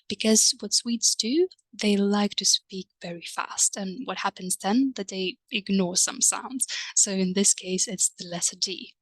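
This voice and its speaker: A woman of middle pitch explains a lesson at an unhurried, patient pace, often pausing to check in with her listener through gentle prompts and hums of agreement. Her voice sits close and dry, with almost no room sound around it. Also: no room sound. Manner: drawn-out fillers and soft hums of agreement. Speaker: language teacher. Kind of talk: recorded online language lesson.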